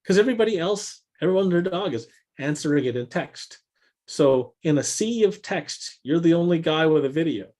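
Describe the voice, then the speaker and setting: A man co-hosting a casual business chat, telling stories with animated swings in pitch and often repeating words as he thinks. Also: moderate pace. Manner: animated storyteller, jumps in pitch for quoted voices. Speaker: podcast co-host.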